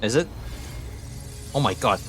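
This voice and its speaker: Excitable man reacting to a game. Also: medium pitch, measured pace, faint music behind. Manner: excitable, exclaiming and swearing.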